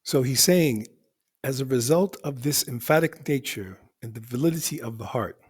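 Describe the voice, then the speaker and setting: A man's voice: mid-range voice, expressive, normal speed, breathy edge. A male teacher explaining the grammar of an Arabic poem line by line, in a methodical way that repeats and rephrases for emphasis.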